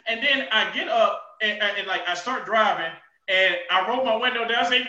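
High, bright-voiced ranting man. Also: normal speed. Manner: loud, profane ranting with shouted outbursts and laughter. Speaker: podcast co-host. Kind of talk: casual chat. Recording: roomy, distant, dull sound.

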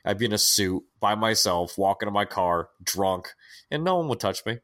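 His lowish voice is fairly bright, with lively intonation and a moderate pace. He's a young American co-hosting a laid-back podcast, wandering off on tangents, making self-mocking remarks and laughing a lot.

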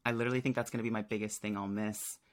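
A woman's voice: very deep voice, fairly even intonation, rapid-fire. A woman co-hosting a podcast, gushing and giggling in casual chat. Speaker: podcast co-host.

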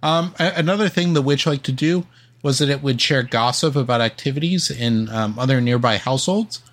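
A man's voice: mid-range voice, fairly quick, fairly bright tone. A man co-hosting a podcast, reading a ghost story from notes with many ums and uhs.

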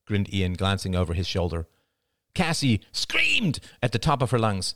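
A man narrating an audiobook chapter in a lively, expressive reading. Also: deep voice, moderate pace, no echo, studio quality.

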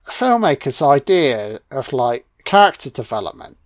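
A man's voice: fairly high pitch, expressive, measured pace, no room sound, studio quality. Sarcastic, foul-mouthed man. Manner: sarcastic, mocking, heavy swearing. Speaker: film commentator. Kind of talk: audio-only film commentary rant.

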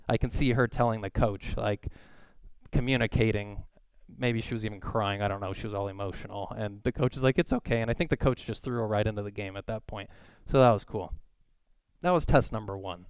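A man's voice: medium pitch, smooth, no echo. A man in his thirties preaching a sermon, telling a family story in a casual, self-deprecating way. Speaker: pastor.

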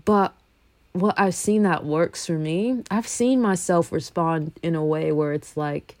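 A young woman from a Congolese family, talking casually and animatedly, swinging from loud bursts to low asides. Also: unhurried, no echo. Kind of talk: casual monologue.

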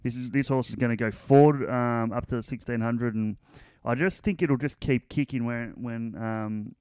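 A man analysing horse races in a relaxed, casual way, full of fillers. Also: mid-range voice, normal speed, clean tone, no room sound. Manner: relaxed, lots of fillers like "you know" and "um". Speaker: racing analyst.

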